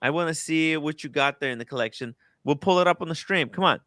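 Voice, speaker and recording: Excitable man hosting a stream. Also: on the high side, fast, no echo, clean studio sound. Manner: excitable, swears, reacts loudly to a video. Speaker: streamer host. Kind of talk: casual live-stream commentary.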